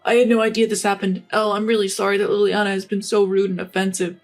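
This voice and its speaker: A woman narrator voicing an adult brother who apologizes in a calm, even tone. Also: medium pitch, fast, faint music behind, natural voice. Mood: apologetic.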